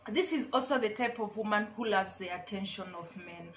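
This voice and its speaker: A woman's voice: mid-range voice, brisk, fairly bright tone, slight background noise. A woman vlogger giving casual, emphatic advice to camera, repeating her key phrases.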